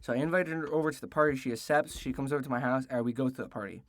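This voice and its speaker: A man's voice: mid-range voice, racing, no room sound. A young man in his late teens telling a casual story-time tale, rambling and profane with lots of restarts and fillers. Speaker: storytelling vlogger.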